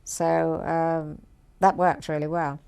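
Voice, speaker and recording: An older woman looking back on a production in an interview. Her voice is very low, with a gravelly creak, and she pauses often to find her words. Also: little pitch movement, darkish tone. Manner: measured, many fillers. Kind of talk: reflective interview recollection.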